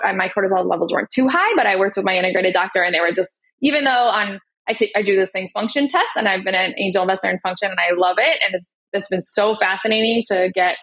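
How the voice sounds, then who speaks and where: A woman in her thirties, a guest chatting in a casual, rambling, animated way during an interview. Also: mid-range voice, creaky, rough recording. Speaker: guest, nonprofit CEO.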